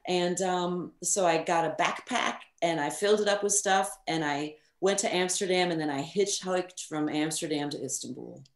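A middle-aged woman with a fairly low-pitched voice tells stories as a guest in a casual interview. She is frank and animated, swears casually and fills her sentences with "um" and "you know". The sound is roomy and echoey. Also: normal speed, hardly any pauses. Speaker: guest recording engineer. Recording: roomy echo.

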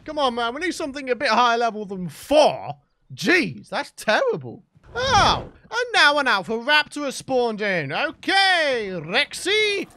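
A young British man giving excited, chatty let's play commentary as the host of a gaming channel. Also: very high voice, a little slow, no room sound. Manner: excitable, chatty, bursts into shouts and laughs.

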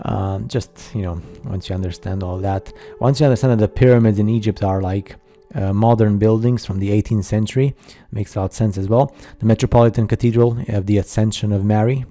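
A man narrating a slideshow in a casual, halting way, full of fillers and skeptical asides. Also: fairly low pitch, fairly even intonation, dark tone, soft background music. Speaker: video narrator.

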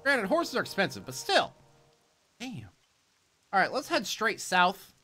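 Lively, bright-voiced man rambling through gameplay. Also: sits high, unhurried, breathy edge, faint music behind. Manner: rambling and jokey, talking to himself. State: sleepy and punchy late at night. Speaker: streamer. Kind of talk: casual gameplay commentary. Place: quiet home at night.

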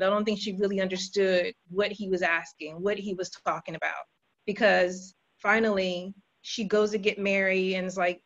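A woman casually retelling a Bible story to a group, chatty, with fillers and self-corrections. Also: medium pitch. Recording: dull lo-fi recording.

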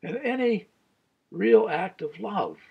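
A man's voice: sits high, animated, takes it slowly, gravelly, slightly rough, muffled recording. A man in his sixties, a pastor, giving an earnest Bible study sermon with a personal story, chuckling as he tells it.

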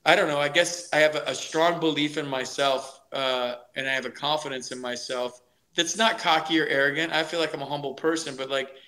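A middle-aged man, a former ballplayer, telling his career story in an animated, energetic way during a podcast interview, often restarting his sentences. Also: on the high side, a little fast. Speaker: guest, former ballplayer and broadcaster.

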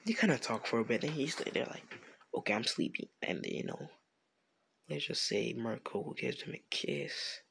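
Gravelly man rambling through a story. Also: mid-range voice, moderate pace, fairly bright tone, a little hiss or hum. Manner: rambling, self-correcting, slangy. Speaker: fan storyteller. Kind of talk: improvised fan-fiction narration.

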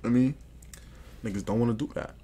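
A man's voice: medium pitch, a little fast, warm tone, husky. A young man livestreaming and answering chat in slangy, boastful casual talk. He keeps repeating phrases and often drops to a mutter.

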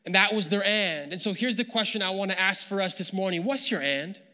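A man preaching a sermon as pastor, animated and acting out the people he quotes. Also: high-pitched, fast, in a large hall. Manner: animated, acts out quoted voices. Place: church hall.

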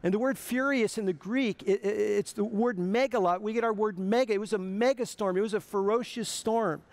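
A male pastor delivers a sermon with a high-pitched voice that is smooth and resonant. He talks earnestly and conversationally, often stumbling and restarting his phrases as he goes. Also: fairly quick.

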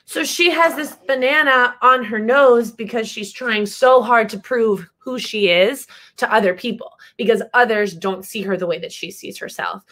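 A woman co-authoring and narrating her children's picture book, explaining the story in an expressive way. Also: a little high, moderate pace, few pauses. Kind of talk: picture-book read-aloud and talk.

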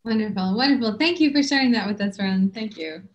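A woman's voice: mid-range voice, a little fast, dull audio. A woman hosting a community reading who introduces each reader in an upbeat, informal way. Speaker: event host.

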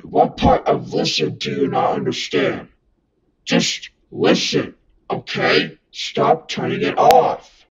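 A man voicing a furious evil-mode computer error entity with a harsh, gravelly, toneless voice and a scolding, threatening manner. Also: slow, muffled recording, lightly acted. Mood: menacing scolding. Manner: scolding, threatening, shouting bursts.

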